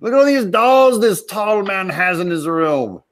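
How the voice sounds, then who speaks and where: High-voiced teasing man. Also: lively intonation, measured pace. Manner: teasing, roasting. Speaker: co-host. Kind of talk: joking live stream banter.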